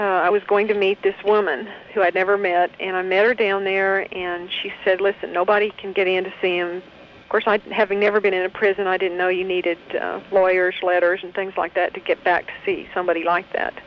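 A woman's voice: mid-range voice, level tone, a little fast, slight background noise. A woman sharing a personal faith testimony in a heartfelt, conversational way, full of small hesitations, over a phone call. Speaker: guest recounting her experience.

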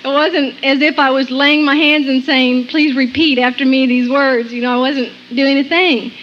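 A woman's voice: sits high, steady tone, normal speed, muffled recording, a little hiss or hum. A woman giving an earnest personal Christian testimony, often laughing between sentences and quoting scripture.

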